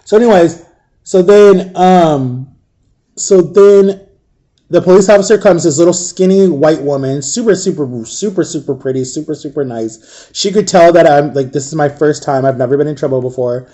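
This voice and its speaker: Man, casual storyteller, rambling and animated, slightly high voice, warm tone. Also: normal speed.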